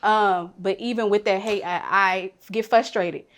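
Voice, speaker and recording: A woman speaking candidly and emotionally in a panel conversation, swinging from hushed to loud. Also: mid-range voice, steady tone, a little slow.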